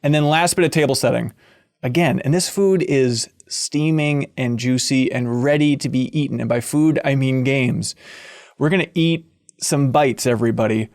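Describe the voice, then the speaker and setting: A man hosting a games podcast in a playful, jokey way, breaking into sudden excited whoops. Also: medium pitch, moderate pace, no room sound, clean studio sound. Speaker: podcast host.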